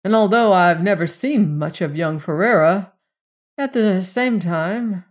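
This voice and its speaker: An audiobook narrator voicing a calm, hesitant young male student in a storybook reading. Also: mid-range voice, a little slow, close to an everyday voice.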